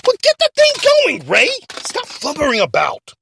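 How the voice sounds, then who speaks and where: A man's voice: high voice, sing-song, fairly quick, sharp tone, slight background noise, heavily acted. A man playing a stammering, ranting radio host. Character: blustering loudmouth male radio host. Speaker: radio talk show host. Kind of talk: comedy skit parodying talk radio.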